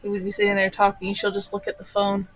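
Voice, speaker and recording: A woman's voice: medium pitch, completely flat delivery, fast, a bit bright, slight background noise, rough recording. A woman co-hosting a casual chat, chiming in with sympathetic asides. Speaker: podcast co-host.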